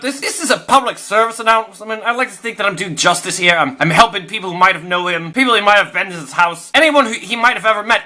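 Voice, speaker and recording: Bright-voiced man ranting. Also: high-pitched. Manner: exasperated, profane, rapid-fire storytelling. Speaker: host of his own video show. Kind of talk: ranting storytelling monologue.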